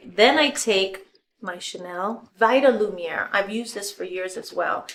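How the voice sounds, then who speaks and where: Middle-aged woman, relaxed celebrity makeup-tutorial host, talks you through every brush stroke, voice of medium height, easy chatty flow with quiet asides. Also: mid-range voice, a little slow, soft background music. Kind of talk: casual makeup tutorial talk.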